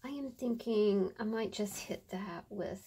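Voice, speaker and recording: A woman's voice: mid-range voice, measured pace, dark tone, slight background noise. A woman chatting casually through a crafting tutorial, muttering to herself and often dropping to a whisper as she works. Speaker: crafter demonstrating journal pages.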